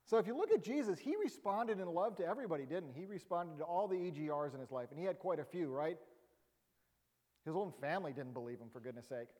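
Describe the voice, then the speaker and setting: Humorous pastor with a raised voice. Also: male voice, fairly high pitch, expressive, quick pace, a little mellow, long reverb tail. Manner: conversational, humorous, rising emphatic bursts. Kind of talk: sermon.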